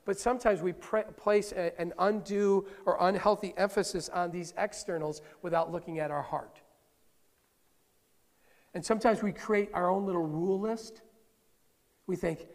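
A man's voice: high-pitched, fairly even intonation, normal speed, vocal fry. A middle-aged male pastor giving a conversational sermon in a church, with playful asides to the congregation. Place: church sanctuary. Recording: long hall reverb.

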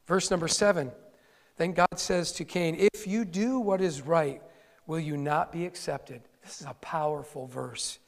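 A man's voice: on the high side, creaky. A male pastor preaching a conversational sermon with wry asides to his congregation. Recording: long hall reverb.

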